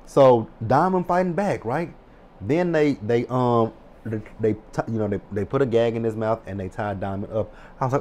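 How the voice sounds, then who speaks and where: A man in his thirties casually recapping a TV episode, animated and excitable, swearing freely. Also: medium pitch, moderate pace. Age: 30s. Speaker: TV recap vlogger.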